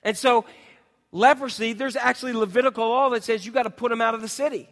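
A high-voiced male pastor preaches a sermon, retelling scripture in casual modern words. He keeps asking his listeners questions. His voice rings out with long reverb in a church hall. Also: fairly even intonation, quick pace, fairly bright tone.

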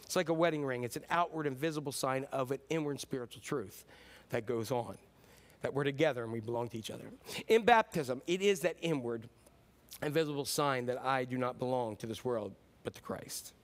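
A man preaching a sermon as pastor, telling stories in a casual, animated way with sudden whoops and cheers. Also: medium pitch, brisk.

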